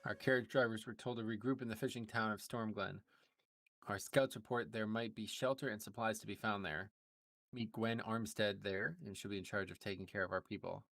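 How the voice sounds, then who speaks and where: A man's voice: fairly low pitch, steady tone, fairly quick, vocal fry, fairly bright tone, dry recording, studio quality. A man reading out the lines of an urgent male human military leader in a plain voice. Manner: plain read-aloud of quest text. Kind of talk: reading game dialogue aloud.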